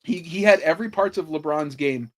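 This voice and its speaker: A man on a podcast telling sports stories in a casual, animated way, swearing freely and saying "like" a lot. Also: fairly high pitch, fairly quick. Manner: animated storytelling, swears freely, lots of "like" fillers. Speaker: podcast host. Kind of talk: casual chat.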